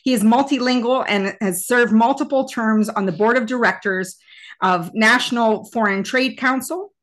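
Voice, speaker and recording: A woman hosting an interview podcast, introducing her guest in measured list-like phrases and asking questions. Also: a little high, fairly bright tone. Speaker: podcast host.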